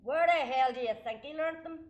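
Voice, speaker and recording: An actress with a Northern Irish accent playing a sharp-tongued friend with cutting, sarcastic remarks. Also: female voice, sits high, a little fast, lo-fi sound, lightly acted. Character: sharp-tongued, mocking female friend Josie. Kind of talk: stage play acting. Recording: roomy echo.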